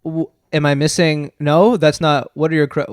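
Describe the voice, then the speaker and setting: A young man runs a relaxed podcast from his home, his voice sitting a little high as he ribs his guest. The sound is dry and close, with no room around it. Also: normal speed, dry recording. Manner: teasing, joking. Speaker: podcast host. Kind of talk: casual chat.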